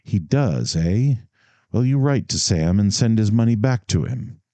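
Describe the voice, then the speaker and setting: A man's voice: lowish voice, lively intonation, unhurried, dark tone, dry recording, voice pushed up. A man voicing a stern older businessman who speaks severely and dryly. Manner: severe, reproachful, dry.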